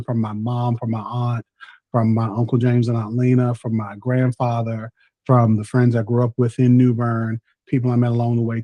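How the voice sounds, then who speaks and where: A man's voice: medium pitch, mellow, no echo. A man in his thirties with a Southern US accent, a talkative, playful podcast guest in casual chat. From North Carolina, US. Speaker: podcast guest, content creator.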